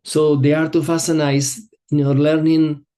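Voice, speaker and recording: A middle-aged man who is not an English speaker, teaching a yoga group in a relaxed way, telling a personal story and often searching for words. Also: on the high side, normal speed. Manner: relaxed, searching for words, non-native phrasing.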